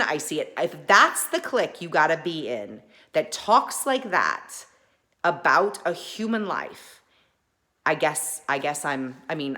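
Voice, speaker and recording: A woman talking in an impassioned personal monologue, emphatic and folksy, often restarting and swinging between loud and soft. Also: sits low. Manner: folksy mild swearing. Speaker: podcast host.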